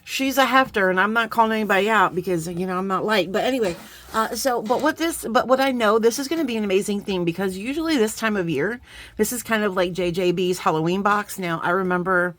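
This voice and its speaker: A woman hosting a beading channel, talking casually through an unboxing with bubbly, excitable asides. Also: medium pitch, fast talker, dry recording.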